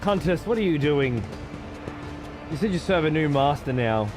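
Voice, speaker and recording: A man's voice: on the high side, lively intonation, normal speed, over music. An Australian man streaming a game, swearing freely and ranting in exasperation while he chats to viewers. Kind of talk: casual gaming stream commentary.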